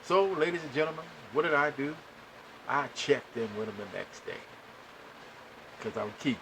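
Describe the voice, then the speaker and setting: Lively, animated male storyteller. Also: medium pitch, moderate pace, gravelly, noisy background. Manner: animated, acts out dialogue. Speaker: podcast host. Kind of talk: storytelling to listeners.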